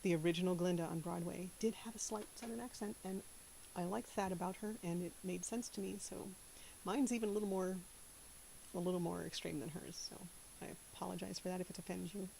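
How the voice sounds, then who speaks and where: A woman's voice: lowish voice, steady tone, brisk, vocal fry, warm tone, slight background noise, rough recording. A woman from the American South chatting casually to camera, giggling often. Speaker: channel host.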